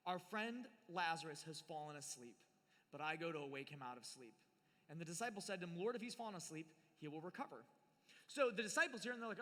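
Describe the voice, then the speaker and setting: A man's voice: on the high side, expressive, quick pace, fairly bright tone. A man giving a live sermon on scripture, playful and acting out the people in the story, recorded in a large hall. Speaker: youth speaker. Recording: live hall with long reverb.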